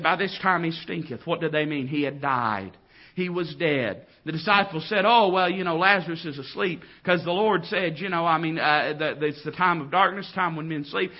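A man preaching a sermon, dropping to quiet tones and rising to loud, drawn-out exclamations. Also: high-pitched, lo-fi sound.

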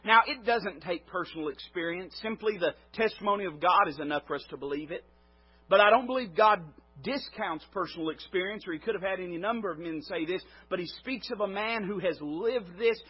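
A male preacher giving a sermon in an emphatic way, his voice swelling and then dropping low. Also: brisk, breathy edge. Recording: dull lo-fi recording.

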